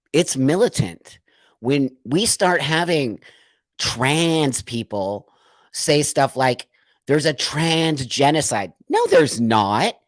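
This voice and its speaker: A man's voice: fairly high pitch, no echo. Earnest man asking urgent questions. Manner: earnest, emotional, full of repeated rhetorical questions. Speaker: livestream host. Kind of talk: impassioned livestream monologue.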